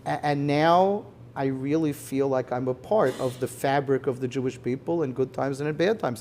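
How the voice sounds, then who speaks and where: A male rabbi answering questions before a live audience, his tone mellow and dark. He explains at an even, measured pace with a lot of "you know". Faint room ambience hums underneath. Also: medium pitch, slight background noise. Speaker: rabbi, head of a conversion court, guest. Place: synagogue hall with an audience.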